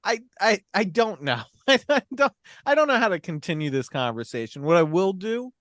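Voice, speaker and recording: A man's voice: high-pitched, big pitch swings, normal speed, a bit bright, no echo, clean studio sound. A man co-hosting a casual film podcast, talking emphatically with swearing and laughs while recapping a plot. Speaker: podcast co-host.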